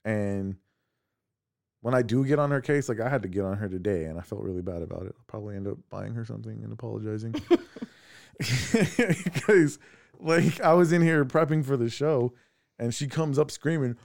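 A man co-hosting a podcast from home, telling personal family stories in a casual, animated way. He laughs often and acts out the voices of the people in his stories. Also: medium pitch, fairly quick, vocal fry, no room sound, studio quality. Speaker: podcast co-host.

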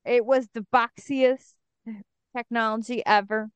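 Crisp-voiced woman, dry close mic. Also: fairly high pitch, fairly even intonation, a little slow, dry recording. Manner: nostalgic, teasing. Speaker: podcast co-host. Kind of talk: casual chat.

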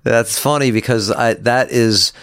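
A man's voice: medium pitch, a little slow, a bit bright, clean tone, no room sound, clean studio sound. An American man from the South, a touring comedian, telling stories in casual chat.

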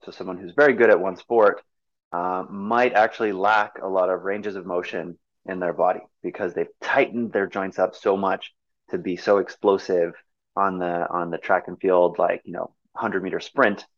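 A man's voice: sits low, steady tone, moderate pace, dry recording, dull audio. A man talking as a movement coach in an interview, explaining eagerly with many fillers and restarts. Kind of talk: conversational interview.

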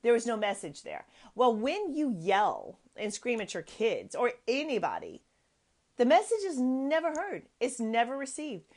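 A woman's voice: on the high side, sing-song, measured pace, a little mellow. A woman in her thirties hosting a motivational parenting podcast. She talks earnestly and with emphasis, often repeating her key phrases. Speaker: podcast host.

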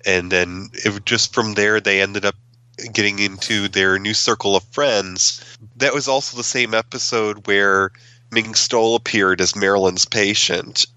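A man hosting a podcast in a relaxed casual chat, chuckling and searching for words. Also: fairly low pitch, smooth, no room sound, rough recording. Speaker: podcast host.

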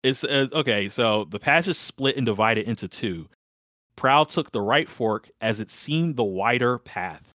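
A man's voice: mid-range voice, lively intonation, a little slow, bright, forceful tone. A man co-hosting a casual book discussion, mock-earnest and sarcastic. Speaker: podcast co-host. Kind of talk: casual book review chat.

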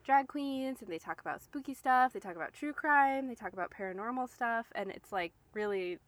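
A woman's voice: fairly high pitch, animated, fairly quick. A woman co-hosting a podcast in casual chat, chatty and self-deprecating, laughing often, sounding slightly stuffy while recovering from illness. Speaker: podcast co-host.

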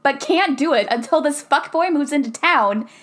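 A woman's voice: high-pitched, animated, normal speed, a bit bright. A young woman co-hosting a podcast, casually recapping a movie with frequent laughs and fillers. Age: young adult. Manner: giggly, talks with many likes. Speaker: podcast co-host.

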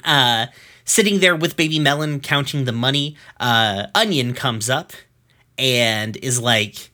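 A man casually recapping a cartoon episode on a podcast, loose and profane, with lots of fillers and quick asides. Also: mid-range voice, pushed and bright.

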